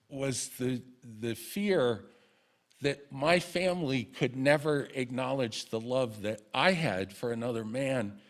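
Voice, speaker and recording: A middle-aged man speaks to a gathered audience in a mid-pitched voice. His telling is earnest and halting, full of restarts and small laughs. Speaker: speaker at a community celebration. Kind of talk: personal story told to an audience.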